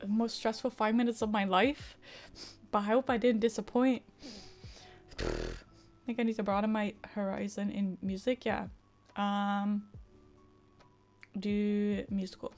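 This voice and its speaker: A woman's voice: medium pitch, little pitch movement, a little slow, long pauses, a little mellow, faint music behind. A woman streamer chatting and swearing live with her viewers, stressed and frazzled. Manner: frazzled, swearing, improvised singing. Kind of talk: casual live-stream chat.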